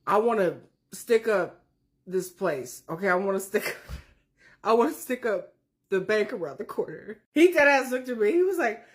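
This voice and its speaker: A woman telling a wild personal story in a casual, profane, animated way, laughing as she goes. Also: fairly high pitch, unhurried.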